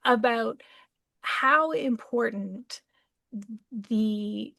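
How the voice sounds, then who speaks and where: A woman hosting a podcast interview, speaking thoughtfully and haltingly, with many murmured affirmations. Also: on the high side, gravelly, bright, forceful tone, no room sound. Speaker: podcast host.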